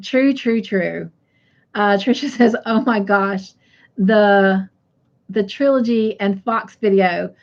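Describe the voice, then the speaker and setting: A woman's voice: medium pitch, slow, dull audio. A middle-aged woman hosting a casual crafting live stream. She reads viewer comments aloud in a chatty way and laughs easily.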